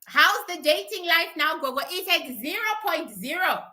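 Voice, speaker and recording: A woman's voice: extremely high pitch, animated, moderate pace, pushed and bright. A middle-aged woman, chatting casually as a spiritual teacher, blunt and profane and laughing often. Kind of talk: casual livestream chat.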